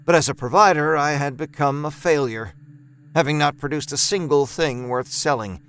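A man narrating a first-person horror story in a measured, deliberate way, lingering on its imagery. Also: a little high, fairly bright tone, a little hiss or hum.

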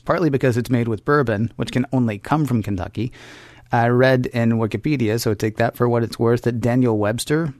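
A man's voice: medium pitch, brisk, darkish tone, no echo, clean studio sound. Joking, rambling male podcast co-host. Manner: jokey, rambling, self-mocking asides. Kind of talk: casual chat.

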